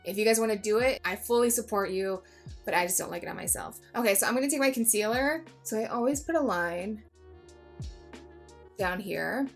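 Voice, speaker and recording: A woman's voice: medium pitch, fairly quick, soft background music. A woman giving a casual makeup tutorial, chatty and jokey, swearing freely and mocking herself. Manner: self-mocking asides. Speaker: beauty vlogger.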